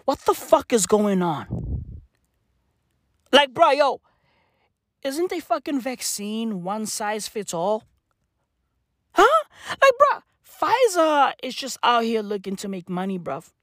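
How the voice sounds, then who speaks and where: A man's voice: sits high, very animated, slow, no room sound. A man delivering a satirical rant to camera, slangy and profane, with mock-serious rhetorical questions. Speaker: comedic commentator.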